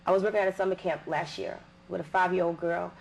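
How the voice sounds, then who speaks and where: A woman hosting a panel discussion, giving short prompts and quick affirmations between guests. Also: fairly low pitch, little pitch movement, vocal fry, rough recording. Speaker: panel host.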